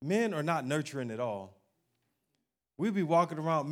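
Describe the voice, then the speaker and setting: A male pastor preaching a sermon to his congregation in an animated, humorous manner. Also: on the high side, normal speed.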